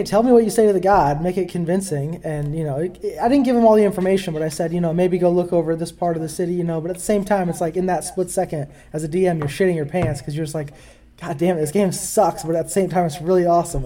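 A man in casual conversation, telling a story quickly with relaxed, muttered asides. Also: high voice. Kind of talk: casual conversation about tabletop games.

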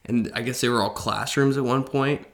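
A man's voice: medium pitch, steady tone, moderate pace. A young man co-hosting a casual podcast, chatty and eager, often finishing his co-host's sentences. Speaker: podcast co-host. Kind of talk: casual chat.

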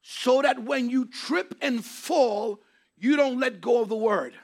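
A man preaching a sermon in an emphatic way, repeating key phrases and rising to shouts. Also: very high-pitched, takes it slowly, vocal fry.

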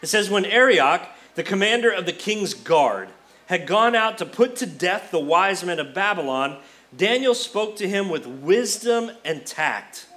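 Guy preaching, high voice, tells the story all animated, does the characters' lines. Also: unhurried. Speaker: pastor. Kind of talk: sermon.

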